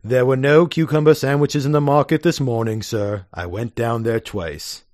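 A man voicing a solemn butler in a low, grave, measured voice. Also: steady tone, darkish tone, no echo, studio quality, natural voice.

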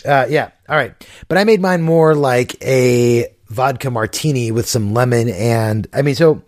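A man's voice: medium pitch, a little slow, dry recording. Male podcast co-host, laid-back and hesitant, dry close sound. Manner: easygoing, hesitant, filler-heavy. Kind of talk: casual chat. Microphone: remote call.

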